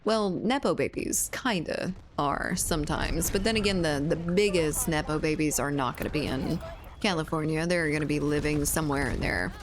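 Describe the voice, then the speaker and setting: A woman's voice: sits low, moderate pace, noisy background. A woman streamer chatting casually with her viewers, swearing freely and laughing often.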